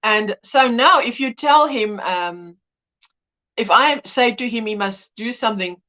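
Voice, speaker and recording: Lively, animated middle-aged woman host. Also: on the high side, measured pace. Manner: animated storyteller, mimics voices, laughs often. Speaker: livestream host. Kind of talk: casual chat reading viewer comments.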